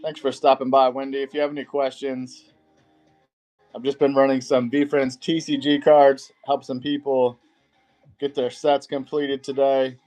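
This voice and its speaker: A man's voice: mid-range voice, little pitch movement, normal speed, darkish tone, soft background music. A man hosting a live-stream auction, greeting viewers by name and rattling off card names.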